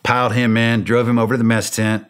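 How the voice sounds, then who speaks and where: A man, a former special forces operator, casually telling a war story as a podcast guest. He is animated, laughs often, and acts out the dialogue. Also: mid-range voice, fast talker.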